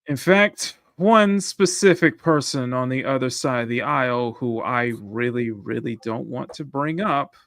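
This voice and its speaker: A man's voice: medium pitch, a little slow, few pauses, a bit bright, no echo. A man hosts a casual live-stream chat in a mid-range voice, often stalling and restarting while he collects his thoughts. The sound is dry and close, with no room around it. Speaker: livestream host.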